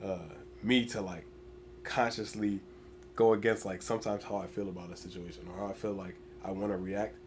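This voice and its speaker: Fast-talking young man, animated chat. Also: on the low side, a little hiss or hum. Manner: animated storyteller, heavy "like" filler. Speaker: podcast guest. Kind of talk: casual chat.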